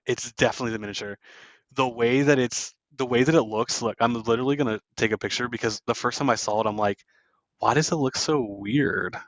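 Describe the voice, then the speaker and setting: A man's voice: mid-range voice, steady tone, fast talker, no echo, dull audio. A man hosting a podcast, loosely retelling a film scene by scene with plenty of fillers. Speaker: podcast host. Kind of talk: casual film recap.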